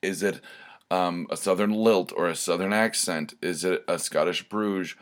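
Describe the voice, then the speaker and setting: A man's voice: deep voice, fairly even intonation, unhurried. A man hosting his own podcast, talking casually and rambling with frequent ums as he thinks aloud. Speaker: podcast host. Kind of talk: casual solo podcast talk.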